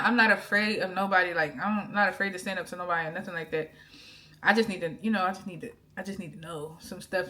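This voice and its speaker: A woman, giving an excited, emphatic faith testimony to her camera from her bedroom, often repeating herself. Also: medium pitch. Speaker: faith vlogger. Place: bedroom with pillows behind her.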